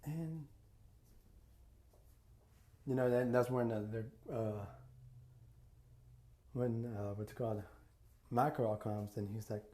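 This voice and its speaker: A man's voice: medium pitch, steady tone, takes it slowly, pauses often, mellow, roomy sound. A man casually retelling a fan story, rambling with lots of fillers and acting out the quotes. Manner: rambling, full of "you know" and "like", acts out quotes.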